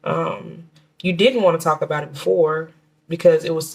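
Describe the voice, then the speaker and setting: A woman's voice: deep voice, fairly even intonation, creaky, a little mellow, breathy edge. Chatty woman reading tarot cards. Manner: chatty, halting, many restarts and fillers. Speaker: tarot reader.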